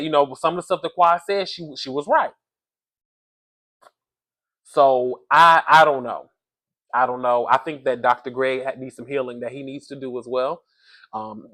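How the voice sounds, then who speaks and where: Guy doing a chatty reality tv recap, kinda high voice, talks right at his viewers. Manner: animated, talks to the audience as "y'all", says "allegedly" often. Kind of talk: casual commentary.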